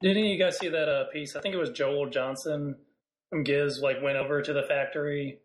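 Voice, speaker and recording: Male co-host, slightly high voice, roomy echo, chatty and rambling. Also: steady tone, brisk. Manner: chatty, rambling, laughs a lot. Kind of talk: casual chat.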